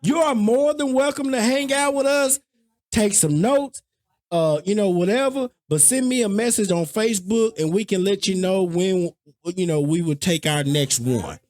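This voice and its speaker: A podcast co-host, talking in relaxed, casual chat. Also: medium pitch, moderate pace.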